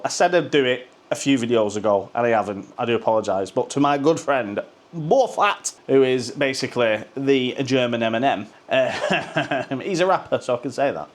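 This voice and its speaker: A man, a football fan vlogger ranting to camera in a sweary, sarcastic, rambling way, hot and sweating. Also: medium pitch. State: sweating from the heat. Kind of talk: ranting casual monologue to camera.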